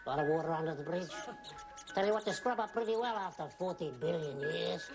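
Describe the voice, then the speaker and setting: A man's voice: on the high side, fairly quick, creaky, music in the background. A man with an Australian accent rambling in a drunken, overly affectionate comic monologue.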